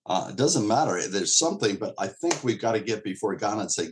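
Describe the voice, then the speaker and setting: A pastor teaching a Bible passage to an online group in a casual, conversational way, often repeating words and restarting phrases. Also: male voice, on the low side, sing-song, a little fast, few pauses. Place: streamed church teaching session.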